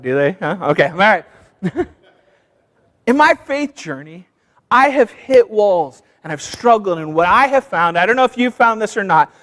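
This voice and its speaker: High-voiced pastor telling stories in a reverberant church. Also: male voice, a bit bright. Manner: storytelling, calls out to the congregation; acts out voices in anecdotes. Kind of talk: sermon. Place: church sanctuary. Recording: long reverb of a church hall.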